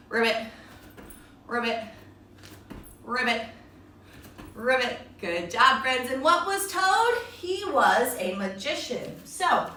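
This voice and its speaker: A woman's voice: high-pitched, pushed and bright, slight background noise. A woman guiding a children's yoga class with a storybook, in a playful, encouraging, sing-song way. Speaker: kids yoga teacher. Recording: echoey room, voice from a distance.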